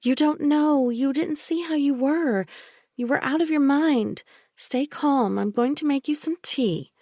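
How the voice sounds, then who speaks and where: A woman's voice: high-pitched, a little slow, dark tone, no echo, studio quality, voice pushed up. A woman reading an audiobook, voicing a controlling woman who talks in a syrupy, condescending, soothing voice. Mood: sickly sweet. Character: cloying controlling woman, sickly sweet.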